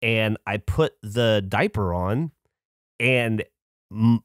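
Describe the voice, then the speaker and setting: A man co-hosting a podcast, telling a long story in casual chat with lively, animated delivery and free swearing. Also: lowish voice, slow, no room sound, studio quality. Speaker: podcast co-host.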